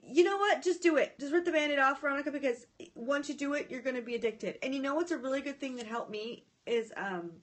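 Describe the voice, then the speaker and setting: A woman hosting a casual live stream from her phone or tablet. She chats in a scattered, excitable way, greets viewers by name and often breaks off mid-sentence. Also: high voice, quick pace, few pauses. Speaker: livestream host reading viewer comments.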